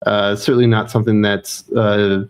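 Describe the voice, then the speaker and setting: A man's voice: lowish voice, level tone, moderate pace, smooth. A man co-hosting a casual podcast chat, giving dry, blunt opinions. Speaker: podcast co-host.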